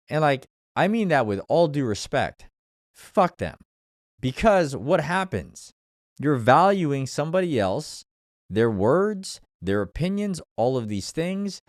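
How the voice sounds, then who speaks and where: Man, motivational host, swears a lot, lively swooping pitch, dry close sound. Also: no room sound. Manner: profane, blunt and animated, laughs often. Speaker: podcast host. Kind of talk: motivational monologue.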